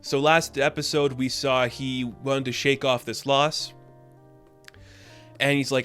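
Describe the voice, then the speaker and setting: A man giving a casual, rambling recap and review of a TV episode, with lots of fillers and excited asides. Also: mid-range voice, takes it slowly, long pauses, faint music behind.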